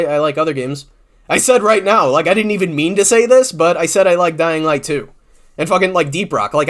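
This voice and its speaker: A man's voice: on the high side, a bit bright. A man, a YouTuber, ranting about online comments in an exasperated, sarcastic way, swearing often and restarting his sentences.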